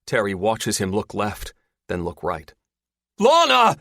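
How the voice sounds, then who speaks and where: Low-voiced male audiobook narrator. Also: steady tone, unhurried, slightly rough, no room sound, studio quality. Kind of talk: scripted narration.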